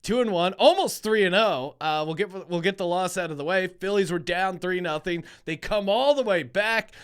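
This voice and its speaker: A man's voice: high voice, normal speed, a bit bright, clear, resonant tone. A man from Philadelphia hosting a sports-betting podcast, chatty and joking, with frequent restarts. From Philadelphia, USA. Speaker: podcast host.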